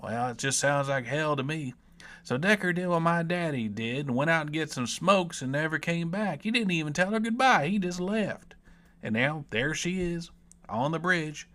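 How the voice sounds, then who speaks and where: A man's voice: a little high, lively intonation, moderate pace, sharp tone. A man with a Southern US accent, telling a comedic, rambling, irreverent story as a book reviewer.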